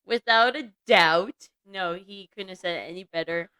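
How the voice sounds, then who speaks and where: A woman joins a casual podcast as a guest. Her voice is smooth and clear, and she banters playfully with the host. The sound is dry and close to the mic. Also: on the low side, moderate pace, sharp tone, no room sound.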